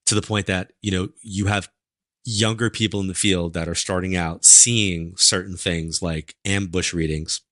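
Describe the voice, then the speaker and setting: A man, a psychic medium telling stories as a podcast guest in an animated, chatty way full of fillers. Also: deep voice, normal speed, no echo, studio quality. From New York. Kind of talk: casual interview storytelling.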